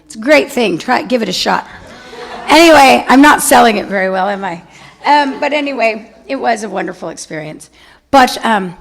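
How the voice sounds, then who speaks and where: At a spiritual center, a middle-aged woman appears as guest speaker, giving the congregation an inspirational talk. Her voice is medium-pitched with vocal fry at a normal speed, and she tells personal stories, laughing and asking "right?" again and again.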